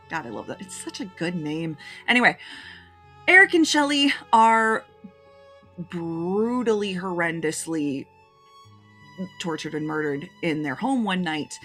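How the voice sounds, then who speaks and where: A woman's voice: fairly low pitch, fairly bright tone. A woman gushing through her favorite movies to camera in a casual review, openly emotional and getting choked up as she talks.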